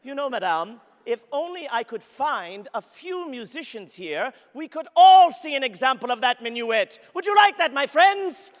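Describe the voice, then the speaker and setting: A man playing an ardent young French nobleman, soaring pitch. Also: big pitch swings, normal speed, hardly any pauses. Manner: grandiloquent, addresses audience directly, laughs often. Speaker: historical character interpreter. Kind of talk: theatrical first-person historical storytelling. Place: large convention hall before an audience. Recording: long reverb of a large hall.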